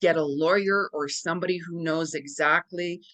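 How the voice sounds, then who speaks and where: A middle-aged woman talking casually to camera as a psychic giving astrology advice, chatty and animated, acting out quoted reactions with big jumps in her voice. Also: on the low side, normal speed.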